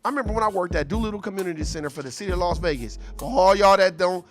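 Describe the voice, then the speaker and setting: A man telling a story in an animated, profane, streetwise casual rant. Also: high voice, racing, over music. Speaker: show host.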